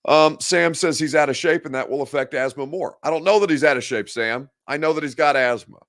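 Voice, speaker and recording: A man's voice: on the high side, brisk, a bit bright. Blunt, opinionated man hosting sports talk. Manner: blunt and opinionated, speaking straight to viewers. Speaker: sports podcast host. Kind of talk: live-streamed sports talk commentary.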